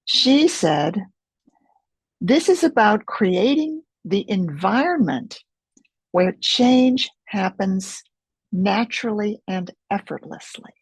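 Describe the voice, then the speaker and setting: A woman, leading a self-help webinar in a slow, gentle, reflective way over a video call. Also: medium pitch, lively intonation, slightly rough, no room sound, rough recording. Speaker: webinar teacher.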